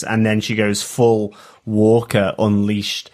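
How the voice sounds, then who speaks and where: A man's voice: fairly low pitch, little pitch movement, slow, hardly any pauses, a little mellow. A man co-hosting a casual podcast review, talking enthusiastically with frequent restarts. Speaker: podcast co-host.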